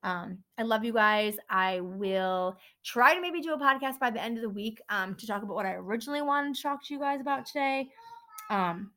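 A woman's voice: a little high, fairly quick, sharp tone. Fed-up woman venting on her podcast. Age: adult parent. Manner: frustrated, blunt, swears often. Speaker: podcast host, dental office administrator.

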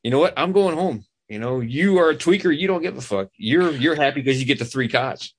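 A man's voice: on the high side, expressive, brisk, slightly rough. A man, a retired police officer guest, blunt, profane and self-deprecating in casual chat.

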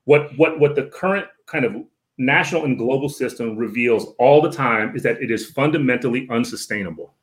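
Male podcast guest, mid-pitched, earnest and lecturing, repeats himself, keeps checking "right?". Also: brisk. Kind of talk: casual podcast conversation.

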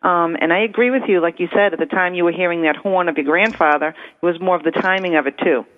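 A woman's voice: lowish voice, fast. Woman on a tinny phone line. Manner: agreeable, chatty, lots of fillers. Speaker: call-in guest. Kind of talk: casual chat over the phone. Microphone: telephone.

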